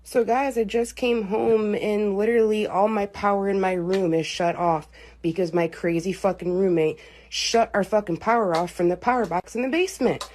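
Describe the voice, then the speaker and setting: A woman's voice: medium pitch, normal speed, a little mellow. A woman ranting in a vlog clip, angry and swearing at almost every turn. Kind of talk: vlog rant.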